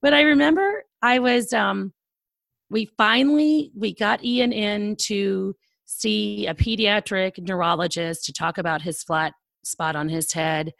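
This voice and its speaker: A woman's voice: medium pitch, unhurried, vocal fry, no echo. A middle-aged woman, a podcast guest, telling a personal story in conversation, laughing often and acting out the dialogue. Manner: animated, laughing storyteller who acts out quoted dialogue.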